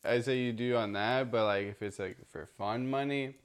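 A man's voice: medium pitch, normal speed, smooth. A man co-hosting a podcast in casual chat, laid-back and peppering his speech with "like". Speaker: podcast co-host.

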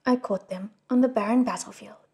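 A woman voicing a gruff, greedy old male scam cultivator in a storybook reading, quarrelsome and scornful. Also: on the high side, fairly quick, dark tone, close to an everyday voice.

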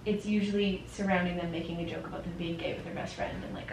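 Young woman, casual chat, animated storyteller, lots of "like", distant mic, roomy room. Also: lowish voice, fast, vocal fry, slight background noise. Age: young adult.

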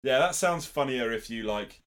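A man's voice: mid-range voice, lively intonation, moderate pace, fairly bright tone. A young man hosting a comedy podcast, playful, jokey and self-deprecating. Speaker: podcast host. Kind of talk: casual chat.

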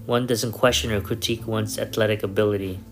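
A man calmly narrating a first-person story in a measured reading voice. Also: on the low side, vocal fry. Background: soft guitar music.

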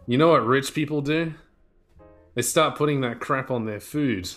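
A man's voice: mid-range voice, moderate pace, faint music behind. A man telling a rambling, profane, joking history rant in a casual podcast chat over a video call. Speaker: podcast co-host. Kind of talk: casual chat, comic storytelling.

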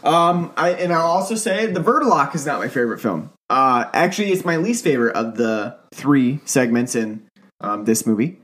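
A man's voice: mid-range voice, lively intonation, moderate pace, a bit bright. Hesitant man talking about films. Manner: hesitant, many ums and uhs. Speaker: podcast co-host. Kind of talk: casual film discussion podcast.

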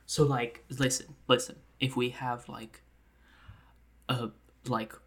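A woman's voice: a bass voice, slow. A woman casually retelling a film scene with lots of energy, acting out lines and laughing along. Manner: animated storytelling with acted-out quotes and frequent laughter.

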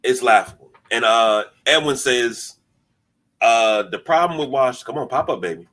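Animated, bright-voiced sports podcast man. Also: medium pitch, moderate pace. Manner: animated, mocking, repeats words when starting. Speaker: podcast host. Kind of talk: casual sports talk.

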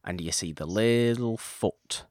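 A man's voice: fairly low pitch, unhurried, darkish tone, no echo, studio quality. A man hosting a casual podcast chat, talking with enthusiasm and rambling, often repeating words. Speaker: podcast host.

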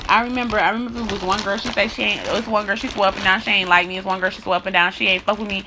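A woman's voice: mid-range voice, steady tone, racing, background noise. A young woman speaking in a blunt, heated, profane monologue rant to her followers. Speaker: social media creator.

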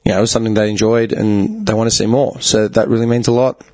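A man's voice: lowish voice, fairly even intonation, fast talker, darkish tone, dry recording. A man hosting a podcast, telling a story in a rambling, profane way, with lots of fillers and restarts. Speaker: podcast host. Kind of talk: casual storytelling monologue. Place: small studio, partly soundproofed.

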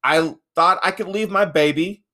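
This podcast co-host, a man, talks through a film review casually, swearing and wandering off topic while laughing often and doing high-voiced character bits. His pace is moderate and his tone bright and forceful.

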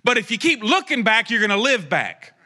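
A man's voice: big pitch swings, fairly quick, sharp tone. A man preaching a prophetic sermon, speaking directly to listeners with passion and joking asides. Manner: impassioned, joking asides, rising to a fervent pitch.

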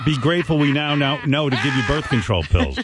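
A man's voice: medium pitch, big pitch swings, a little fast, very noisy. A man hosting a radio show in casual banter, blunt and teasing, often laughing.

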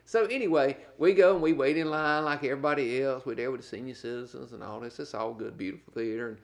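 A middle-aged man from North Carolina co-hosts a casual podcast chat, telling stories animatedly and laughing through them. His voice is medium-pitched with vocal fry, and he speaks at a quick pace.

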